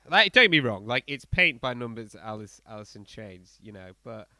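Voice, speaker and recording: A man co-hosting a podcast, talking in a casual, blunt and animated way with many fillers and restarts as he reviews an album. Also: on the low side, normal speed, dry recording. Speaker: podcast co-host.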